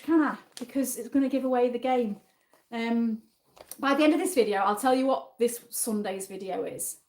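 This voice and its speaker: A chatty woman with a North London English accent hosts a live stream, her voice pitched a little high. She keeps a casual, upbeat flow as she answers viewers and reads out their comments. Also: a little mellow. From England. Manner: chatty and upbeat, reacting to chat, with asides and laughs. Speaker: livestream host. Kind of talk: casual livestream chat reading viewer comments.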